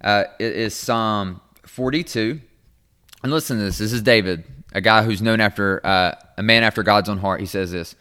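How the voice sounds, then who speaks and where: Deep-voiced guy doing a devotional podcast, earnest and encouraging, goes quiet when he prays. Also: moderate pace, clean tone. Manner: quiet and hushed when praying. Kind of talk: devotional talk and prayer.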